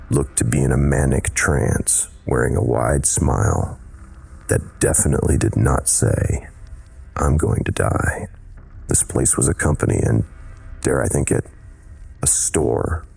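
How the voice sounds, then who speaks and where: Deep gravelly horror narrator man. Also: darkish tone. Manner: measured, dramatic storytelling. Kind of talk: scripted narration.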